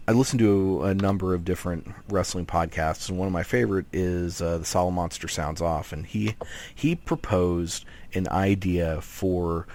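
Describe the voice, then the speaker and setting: A man's voice: low-pitched, normal speed. A man co-hosting a wrestling podcast, talking casually and rambling with lots of restarts. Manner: rambling, animated, many restarts. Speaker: podcast co-host. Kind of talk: casual chat.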